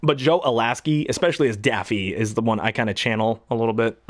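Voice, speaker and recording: A man with a baritone voice, a hobby voice actor chatting casually, who rambles and often clears his throat. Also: fairly quick, no room sound, clean studio sound. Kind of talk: casual talk to camera.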